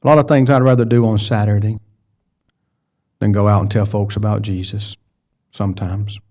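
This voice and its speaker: A man's voice: lowish voice, fairly even intonation, moderate pace, darkish tone. A man preaching a sermon, telling a personal story in a folksy way and repeating words as he goes. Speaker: pastor. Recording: dull lo-fi sound.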